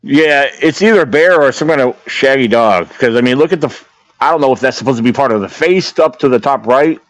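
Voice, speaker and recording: A man in casual podcast talk, mid-pitched, who wanders through his points with lots of "you know" and "I mean." His voice sits close and dry on the mic with no room sound. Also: lively intonation, brisk, no echo. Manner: rambling, many fillers and restarts. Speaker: podcast co-host.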